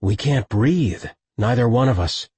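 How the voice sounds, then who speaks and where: A man voicing an anguished young male lover in an audiobook, with a husky voice. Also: medium pitch, lively intonation, a little slow, a little mellow, no echo. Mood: pleading. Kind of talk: audiobook narration.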